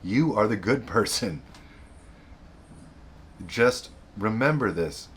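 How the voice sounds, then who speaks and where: A man's voice: lowish voice, animated, slow pace, a little hiss or hum. A man hosting a self-help video, giving blunt, repetitive, emphatic advice in a casual monologue.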